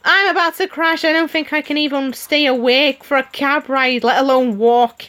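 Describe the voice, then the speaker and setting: A woman's voice: high-pitched, fairly even intonation, normal speed, fairly bright tone. A woman streamer reading a story game aloud, giggling and adding her own comments between the lines. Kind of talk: reading game dialogue aloud with playful voices.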